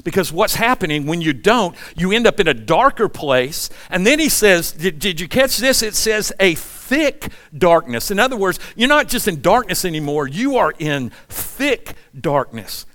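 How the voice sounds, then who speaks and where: A man in his sixties preaching a sermon in a relaxed, conversational storytelling way, often asking the congregation questions. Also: high voice, normal speed, hardly any pauses. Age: 60s. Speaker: pastor.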